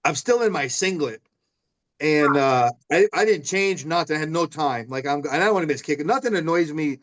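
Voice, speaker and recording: Animated storytelling man, higher voice. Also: moderate pace. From Illinois. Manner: animated, acts out his own yelling in stories. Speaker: guest, former semi-pro football player. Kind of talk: casual storytelling in a conversation.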